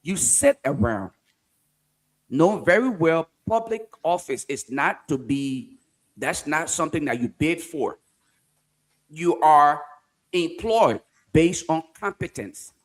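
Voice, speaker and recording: A man hosting a political talk show, deliberate and arguing through rhetorical questions. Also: fairly high pitch, expressive. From Liberia.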